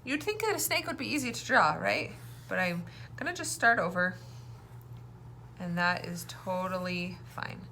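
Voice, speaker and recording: A woman teaches young children to read, talking slowly and clearly with a bright, lively pitch. She keeps prompting them to say the words back to her. A faint hum of noise sits behind her voice. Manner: slow, clear, encouraging teacher talk with call-and-response prompts. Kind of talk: early-reading phonics lesson.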